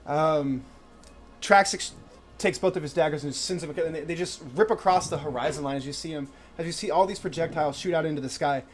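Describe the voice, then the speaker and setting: Animated male game master. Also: fairly high pitch, a little fast. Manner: animated, restarts often. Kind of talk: narrating a tabletop game.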